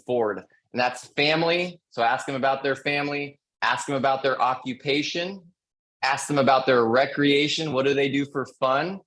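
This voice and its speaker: A man who is a real estate agent, presenting call scripts on a panel webinar in an energetic coaching manner, repeating his key points. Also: mid-range voice, low-quality recording.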